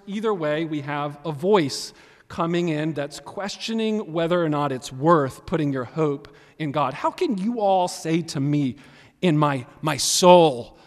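A man preaching a sermon as pastor, animated and emphatic, swinging between loud and quiet. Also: a little high. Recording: long reverb of a large hall.

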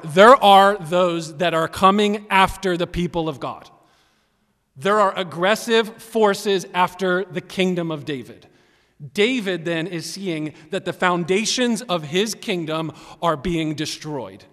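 A man preaching a sermon as pastor, animated and emphatic, swinging between loud and quiet. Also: high voice, unhurried. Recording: long reverb of a large hall.

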